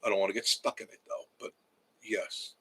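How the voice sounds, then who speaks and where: A man's voice: on the low side, little pitch movement, brisk, fairly bright tone, breathy edge, poor audio. A man, chatting casually on a livestream from his cabin and reading viewer comments aloud in a rambling way. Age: 70s. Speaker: livestream host. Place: home cabin.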